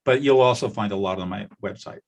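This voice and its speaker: An older man, a conflict mediator, talking in a podcast interview and telling stories with lively acted-out quotes. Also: fairly low pitch, fast, creaky. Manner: animated storyteller, acts out quoted voices.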